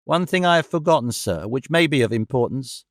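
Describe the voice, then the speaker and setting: A man voicing a fussy, old-fashioned elderly gentleman witness who speaks in a quavering, formal way. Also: medium pitch, expressive, fairly quick, no echo, clean studio sound, natural voice. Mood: earnest.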